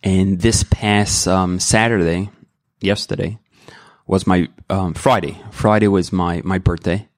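Earnest low-voiced man sharing his story. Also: fairly even intonation, unhurried, no room sound, studio quality. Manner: earnest and rambling, with many restarts; emotional and candid. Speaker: member sharing at a recovery meeting. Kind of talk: personal testimony.

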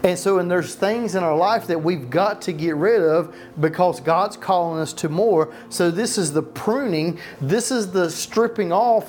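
A man's voice: sits high, a little mellow. A male pastor preaching a sermon in a church, passionate, asking rhetorical questions and often restarting his sentences.

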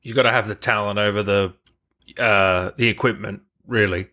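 A man's voice: fairly low pitch, fairly even intonation, normal speed, sharp tone. A man hosting a casual interview, asking questions in an easygoing, affirming way. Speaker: podcast host.

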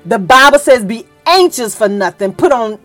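A woman preaching a sermon in a fervent, emotional way, with folksy church talk and excited peaks. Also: a little high, moderate pace, faint music behind.

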